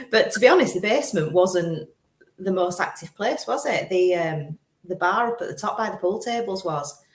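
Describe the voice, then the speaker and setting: A woman guest on a chat show talking about ghost hunting, lively and quick to laugh. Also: medium pitch, echoey room. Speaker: paranormal investigator guest. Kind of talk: casual chat.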